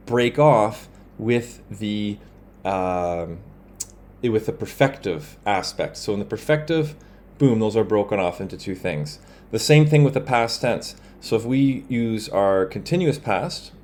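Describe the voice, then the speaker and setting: Guy teaching grammar over slides, kinda low voice, laid back, lots of ums and little corrections. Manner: relaxed explaining with fillers and self-corrections; pronounces example phrases in another language. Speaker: language teacher.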